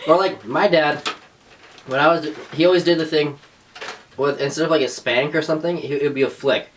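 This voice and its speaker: A young woman co-hosting a casual podcast chat, sarcastic and animated, laughing often and acting out the people in her stories. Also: low voice, brisk, far from the mic, a little hiss or hum. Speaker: podcast co-host.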